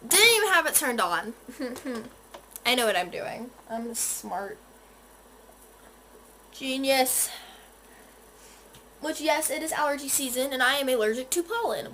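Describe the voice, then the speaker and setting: A woman's voice: sits high, bright, forceful tone, a little hiss or hum. A fourteen-year-old girl from North Carolina chatting casually while doing her makeup, rambling with lots of restarts and quoted asides, filmed on a phone in her bedroom. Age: teens. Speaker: beauty vlogger. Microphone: phone camera.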